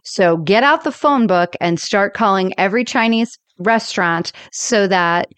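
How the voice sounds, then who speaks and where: Woman podcast co-host, smooth clear voice, dry booth sound, lively plot recaps. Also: mid-range voice, measured pace, no echo. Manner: animated retelling, acts out quoted lines. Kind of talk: casual chat retelling episode plots.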